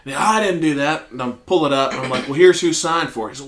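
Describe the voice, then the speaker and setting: A man's voice: a little high, fast talker. A man from the American South, a podcast co-host telling a rowdy retail story in casual, profane chat. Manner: profane, animated storyteller acting out quotes. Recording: echoey room.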